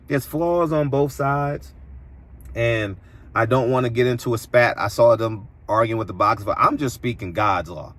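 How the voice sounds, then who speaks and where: A man's voice: moderate pace, a bit bright. Preachy, emphatic man commentator. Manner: preachy and emphatic, voice swinging high when indignant. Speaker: boxing commentator and interviewer. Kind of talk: opinionated commentary monologue.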